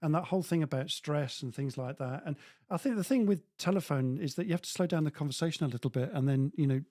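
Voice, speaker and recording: A man's voice: fairly high pitch, quick pace, warm tone, no room sound. A male host speaks in a mid-range voice over a video call with a dry, close sound. He is agreeable, backing up his guest with frequent yeahs and affirmations. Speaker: podcast host. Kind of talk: conversational video call interview.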